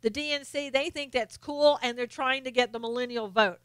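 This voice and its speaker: A woman hosts a political commentary live stream and gives blunt, scolding opinions point by point. Her voice is higher than most, bright and forceful, with a smooth, crisp clarity. The recording is dry, with no room sound. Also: normal speed, no room sound. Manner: blunt and opinionated, answers viewer comments by name; scolding, lists points one by one.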